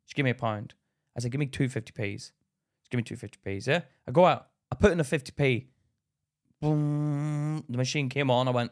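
A man's voice: medium pitch, brisk. A man, co-hosting a podcast, telling a story in casual chat and acting out the other people's voices. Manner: animated, acts out voices in anecdotes. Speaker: podcast co-host.

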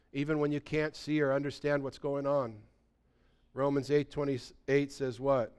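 A man preaching a sermon, asking his listeners pleading questions and telling stories with lively energy. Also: mid-range voice, clean tone. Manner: animated storytelling, pleading questions. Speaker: pastor.

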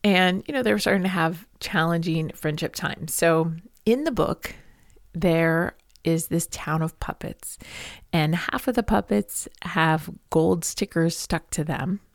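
Brief: woman podcast host, heartfelt storyteller, gravelly lower voice, dry close sound. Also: a little slow, no echo. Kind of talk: spiritual podcast monologue.

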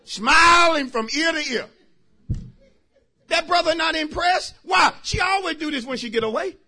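A man preaching a sermon as pastor, emphatic and talking straight to his congregation, bursting into shouts. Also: very high-pitched, lively intonation, measured pace. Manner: talks directly to the congregation.

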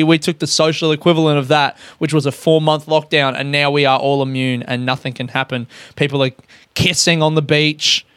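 An Australian man rambles through a casual solo monologue with a smooth, clear voice pitched a little high. He swears freely and keeps mocking himself as he talks. The sound is close and dry. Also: fairly bright tone, dry recording.

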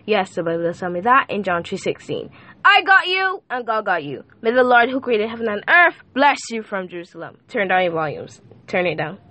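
A young woman hosting a Christian podcast, moving between earnest prayer and loud sing-song chants, her voice worn from shouting. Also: medium pitch, big pitch swings, brisk. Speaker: podcast host.

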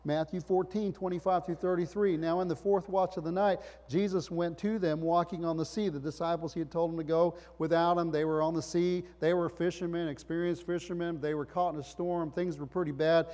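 Middle-aged male pastor, preaching, somewhat high voice, emphatic rhetorical questions, long hall reverb. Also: fairly even intonation, brisk, hardly any pauses, warm tone. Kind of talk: sermon.

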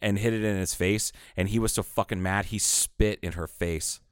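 A man in casual chat, telling bar stories with lots of swearing and animated quotes. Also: fairly low pitch, moderate pace, no echo, studio quality. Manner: swearing storyteller, animated quoting.

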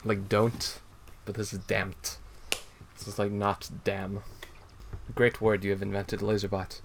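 Gravelly low-voiced man rambling casually. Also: monotone, normal speed, background noise. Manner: rambling, explanatory, many fillers and profanity. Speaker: co-host reviewing a comic. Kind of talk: casual chat.

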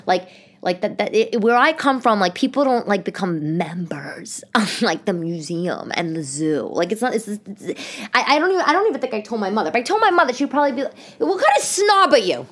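A woman's voice: mid-range voice, brisk. A woman in her thirties hosting a casual solo podcast, rambling through stories and acting out other people's voices. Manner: animated, rambling storyteller who acts out voices. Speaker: podcast host.

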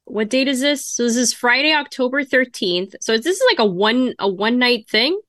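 A woman's voice: a little high, lively intonation, moderate pace, fairly bright tone, no echo, studio quality. A woman co-hosting a podcast in casual chat, thinking aloud as she goes. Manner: chatty, thinks aloud while browsing ticket sites. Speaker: podcast co-host.

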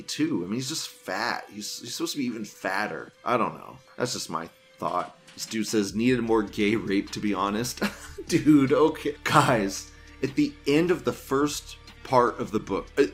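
A crude, rambling male host who swings his pitch widely while he rants and laughs often. Faint music plays underneath. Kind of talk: casual ranting commentary.

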